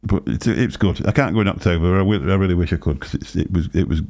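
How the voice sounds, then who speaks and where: A man's voice: deep voice, fast talker, vocal fry, a little mellow. An older man hosting a casual livestream chat, telling stories and laughing often. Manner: chatty anecdotal storyteller, laughs often. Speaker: show host.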